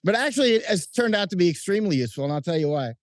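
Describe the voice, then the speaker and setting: A middle-aged man chatting outdoors at night as an interview guest, telling animated stories with frequent restarts and chuckles. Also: sits high, racing, no room sound, clean studio sound. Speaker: interview guest, combat correspondent. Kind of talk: casual interview chat. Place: outdoors at night under lights.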